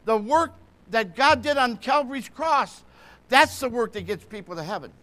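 High-voiced, fervent male preacher. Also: expressive, normal speed, bright, forceful tone. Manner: fervent, often asks the congregation to follow along. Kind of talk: sermon.

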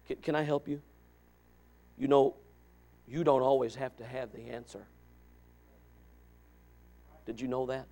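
A man's voice: medium pitch, dark tone. A middle-aged man preaching a sermon, emphatic and impassioned, with joking asides.

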